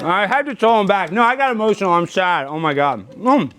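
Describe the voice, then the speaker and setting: A male podcast host with an excitable, jokey manner who breaks into shouts and laughs, talking in a studio. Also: high voice, brisk. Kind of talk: loud comedic podcast banter.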